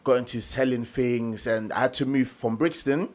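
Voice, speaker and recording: A man's voice: mid-range voice, normal speed. A young man from Germany, a motivational speaker telling his story in a casual interview, acting out the voices of people he quotes. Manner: animated storyteller, acts out quoted dialogue.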